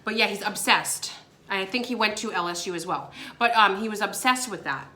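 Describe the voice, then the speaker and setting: A young woman casually telling a story to her viewers, giggling between phrases and filling pauses with "like" and "um". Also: medium pitch, sharp tone, slight background noise. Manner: giggly, laughs between phrases, many fillers. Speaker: vlogger.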